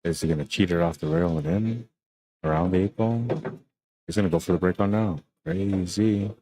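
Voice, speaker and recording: A man commentating a live pool match in an easygoing, talkative way. His voice sits very low and deep. He keeps it friendly and loose, often tacking "man" onto the end of his lines. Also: moderate pace, warm tone, slight background noise. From Canada. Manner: laid-back, chatty, often ends lines with "man". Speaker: pool commentator and stream host.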